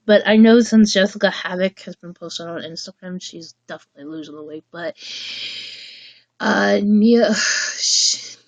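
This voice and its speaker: A woman hosting a casual livestream chat, rambling and halting as she restarts her sentences. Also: medium pitch, no room sound. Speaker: livestream host.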